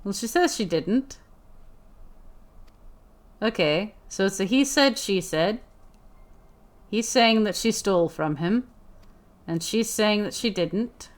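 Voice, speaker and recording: A woman's voice: mid-range voice, animated, takes it slowly, pauses often. A woman doing let's play commentary in character, playful and theatrical, often repeating her own lines.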